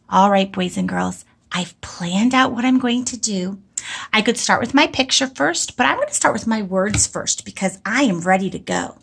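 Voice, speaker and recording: A woman teacher giving an early-grade writing lesson, talking slowly in a sing-song way and stretching out words for young children. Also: medium pitch, lively intonation, gravelly, a bit bright, breathy edge.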